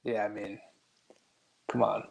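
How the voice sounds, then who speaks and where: A man's voice: lowish voice, level tone, takes it slowly, creaky, poor audio. Wry, offhand man in banter. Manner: wry, hesitant restarts, casual swearing. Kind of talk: casual chat.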